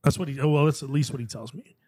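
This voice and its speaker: A man's voice: fairly high pitch, very fast, darkish tone, a little hiss or hum. A man chatting casually, telling a story and acting out the lines of the people in it. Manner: chatty storyteller, acts out dialogue. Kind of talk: casual chat.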